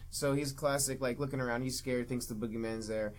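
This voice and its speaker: A man's voice: mid-range voice, steady tone, brisk. A man co-hosting a casual movie-review podcast, talking in a laid-back way full of "like" and "yeah.". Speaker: podcast co-host.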